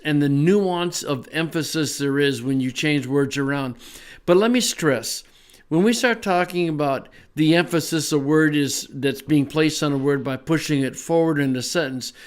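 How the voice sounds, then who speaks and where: A man teaching a short lesson in a measured way, stressing words to show emphasis. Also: fairly high pitch, clear, resonant tone. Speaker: Greek teacher. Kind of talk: explanatory lesson.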